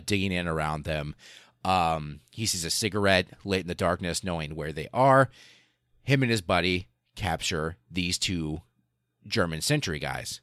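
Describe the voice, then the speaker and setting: Male podcast host, deep voice, dry close sound, casual profane storyteller. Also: no echo. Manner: animated, profane, lots of fillers and voiced asides.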